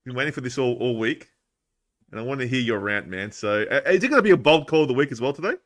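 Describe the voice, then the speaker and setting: A man co-hosting a podcast, eagerly prompting his co-host in quick, casual chat. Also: mid-range voice, lively intonation, a bit bright, no echo, studio quality.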